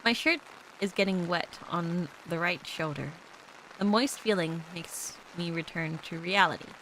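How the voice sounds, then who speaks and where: Young woman vtuber, giggly and teasing, slow unhurried delivery, bright lively voice. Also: lowish voice, slight background noise, rough recording. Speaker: VTuber streamer. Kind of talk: casual stream chat and reading a visual novel aloud.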